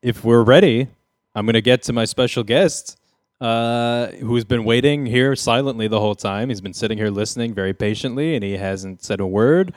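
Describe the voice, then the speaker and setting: A man hosting a comedy podcast, interviewing a guest with wry, deadpan banter. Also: medium pitch, moderate pace, dry recording. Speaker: podcast host. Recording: dry close studio mic.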